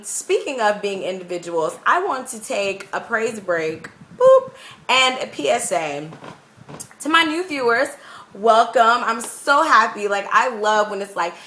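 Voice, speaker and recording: A young woman teaching English abroad, chatting to her camera in a rambling, animated way. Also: medium pitch. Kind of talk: casual talking-head vlog. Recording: echoey room.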